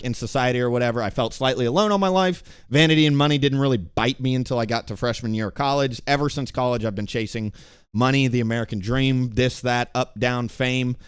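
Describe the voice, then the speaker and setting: Intense young man, smooth and dry. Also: medium pitch, no echo. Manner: intense, emphatic, with sudden swings between loud and hushed. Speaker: gaming streamer and video host. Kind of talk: earnest personal testimony to camera.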